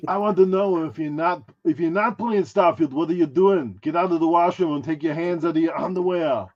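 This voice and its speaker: A brash, self-promoting action-movie star holds forth, as a man does the impression, crude and full of swagger. The voice sits fairly high, and the audio is dull and muffled. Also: fairly even intonation, brisk, gravelly, slightly rough, exaggerated voice. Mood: boastful. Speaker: guest impressionist. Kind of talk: podcast chat in character.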